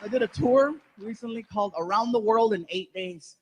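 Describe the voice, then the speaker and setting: A man performing stand-up, telling an animated story and acting out the voices, on stage before a live audience. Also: high voice, fairly quick. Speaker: stand-up comedian. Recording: live stage recording with background noise.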